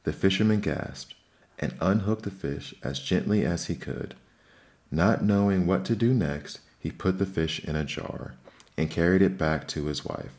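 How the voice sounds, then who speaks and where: A man reading fairy tales aloud in steady, measured storybook narration. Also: sits low. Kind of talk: fairy tale read-aloud.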